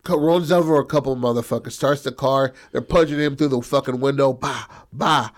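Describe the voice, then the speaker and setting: A man's voice: medium pitch, steady tone, fairly quick. A man in casual chat, retelling a film story in slangy, profane talk full of fillers. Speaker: co-writer pitching a film story.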